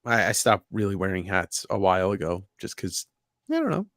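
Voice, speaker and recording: A man's voice: deep voice, very animated, fairly quick, fairly bright tone, dry recording, studio quality. A man hosting a casual livestream chat, reading viewer comments aloud and joking around with easy slang. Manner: says "hella", swears casually. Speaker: podcast host.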